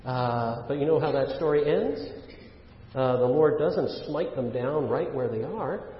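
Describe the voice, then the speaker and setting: A man's voice: medium pitch, unhurried. A man preaching a sermon as pastor, earnest and full of rhetorical questions, with frequent "uh" fillers. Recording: dull, roomy church recording with long reverb.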